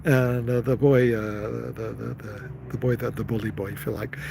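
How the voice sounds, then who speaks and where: A man's voice: medium pitch, steady tone, normal speed, creaky, dark tone, rough recording. A man in the middle of his voice, telling a story on a live stream. He rambles and keeps circling back on himself, repeating little words before the next thought lands. There is a faint hiss of noise behind him. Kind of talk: casual storytelling.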